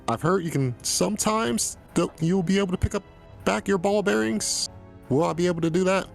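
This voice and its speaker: A man's voice: sits high, brisk, vocal fry, faint music behind. A man playing a tabletop game, asking careful questions about what his character can do. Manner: asks detailed rules questions. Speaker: player. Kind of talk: casual tabletop play.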